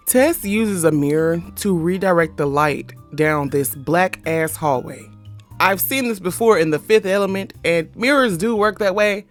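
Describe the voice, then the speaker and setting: A woman retelling a horror film plot in a casual, animated, slangy and profane way, dropping into quick character voices. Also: lowish voice. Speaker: movie review vlogger. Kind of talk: casual movie recap.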